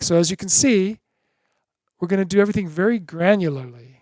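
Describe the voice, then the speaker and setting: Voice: mid-range voice, fast talker, darkish tone, no echo, studio quality. A drum teacher giving a beginner lesson in an encouraging way, chanting drum syllables in rhythm.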